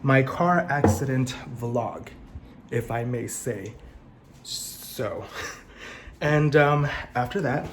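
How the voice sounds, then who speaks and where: A young man talks to his camera at home between bites of food, loose and self-mocking, with plenty of swearing. His pitch sits in an ordinary middle range. A faint hum of room noise lies under the voice. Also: takes it slowly, low-quality recording. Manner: chatty, swearing, self-mocking, laughs often; talking while eating. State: slightly out of breath. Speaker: vlogger. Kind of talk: casual mukbang vlog chat. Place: home apartment, indoors. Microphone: camera set in front.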